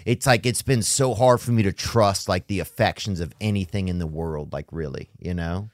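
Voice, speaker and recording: A man in casual conversation, earnest and halting, leaning hard on "like" as he talks. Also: sits low, no room sound, clean studio sound. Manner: halting, earnest, heavy use of "like".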